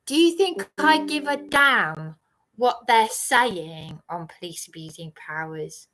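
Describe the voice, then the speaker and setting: A woman's voice: medium pitch, expressive, takes it slowly, a bit bright. A woman ranting angrily on a livestream, accusing and repeating herself. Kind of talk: angry livestream rant.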